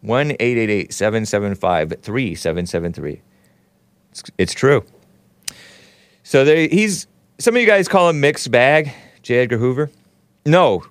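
Lively, sarcastic male talk show host. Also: medium pitch, unhurried, pauses often, dry recording. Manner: rambling, sarcastic, reads aloud and jokes with chat. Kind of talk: casual live-stream commentary.

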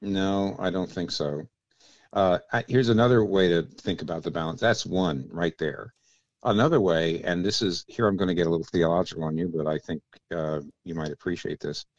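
A man speaking as a theologian guest in an interview, explaining ideas in a measured, teacherly way and often dropping into quiet asides. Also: sits low, no room sound, dull audio.

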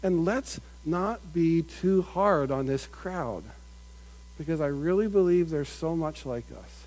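A middle-aged man preaching in a slow, deliberate sermon cadence. His voice sits fairly high for a man and swells with emphatic stress before falling back to quiet, earnest remarks. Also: rough recording. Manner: earnest, builds up with rising emphasis, mimics crowd voices.

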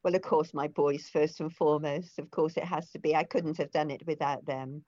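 A low-voiced older woman talks as an interview guest, telling long anecdotes in a chatty, meandering way with plenty of fillers and false starts. The recording is dry and a little muffled. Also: fairly even intonation, normal speed, dark tone, no room sound. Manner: chatty storyteller with frequent restarts and fillers. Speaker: interview guest, former foster carer. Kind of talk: conversational interview.

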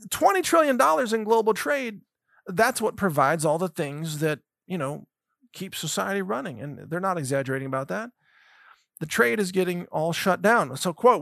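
A man's voice: high-pitched, lively intonation, moderate pace, gravelly, a bit bright, no room sound, studio quality. A male host giving a commentary monologue, reading news items aloud with sarcastic, mocking asides and laughing at his own points. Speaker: show host.

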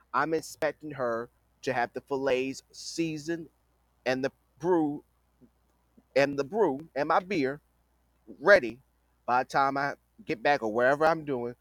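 A man's voice: mid-range voice, fairly bright tone, dry recording. Emphatic man talking casually, dry sound. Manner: conversational, emphatic, repeats phrases. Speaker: podcast host. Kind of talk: casual opinion monologue.

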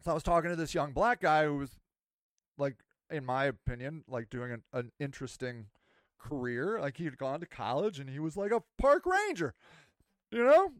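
Podcast host, man, high smooth voice, dry close sound, rambling and animated. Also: moderate pace, no room sound. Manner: rambling, self-mocking, animated. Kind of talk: casual monologue.

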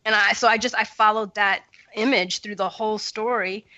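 A woman's voice: medium pitch, steady tone, sharp tone, no room sound, muffled recording. Eager woman co-hosting a book podcast. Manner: enthusiastic, analytical, quick to joke. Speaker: podcast co-host. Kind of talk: casual podcast chat and reading aloud.

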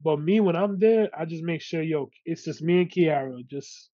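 Mellow New podcast host, muffled. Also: male voice, fairly high pitch, normal speed, no echo. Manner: relaxed, warm-hearted, uses street slang like bro and yo. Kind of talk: casual chat. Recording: slightly muffled lo-fi audio.

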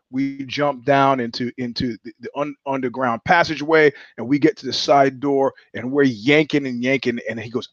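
A man with a mid-range voice hosts a podcast, telling stories in a blunt, profane, rambling monologue with frequent restarts. The recording is dry and lo-fi.

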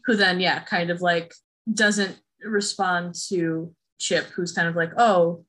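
A woman co-hosting a casual film discussion, animated and laughing often as she acts out characters' lines. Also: lowish voice, unhurried. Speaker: podcast co-host discussing a film. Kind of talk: casual chat.

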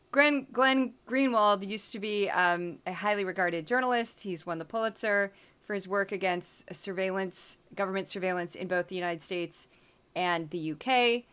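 Bright-voiced chatty Missouri woman. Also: medium pitch. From Midwest US. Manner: chatty, animated, often laughing. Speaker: podcast host. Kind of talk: casual commentary.

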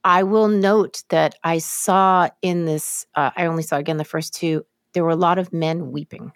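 A middle-aged woman co-hosting a podcast, chatting in an animated way with many restarts and asides. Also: on the low side, moderate pace, clean tone, dry recording, studio quality. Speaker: podcast co-host. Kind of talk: casual chat.

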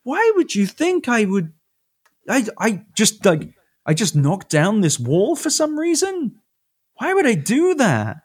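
Fed-up, incredulous God, high and shrill, played by a man in a podcast bit. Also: wildly swooping pitch, measured pace, slightly rough, heavily acted. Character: exasperated God, male, fed up with humans.

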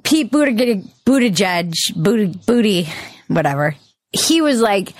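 A woman hosting a podcast, talking in an animated, sarcastic, ranting way. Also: mid-range voice, unhurried, no echo, clean studio sound. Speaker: podcast host. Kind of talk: casual chat.

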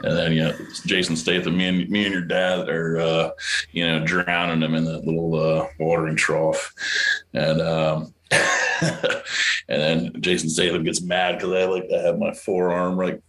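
A man in his thirties with a very low, deep voice tells animated, profane stories in a casual interview. He is from Florida and acts out what people said on set in raised, punchy voices. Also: measured pace, rough recording. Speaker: actor guest.

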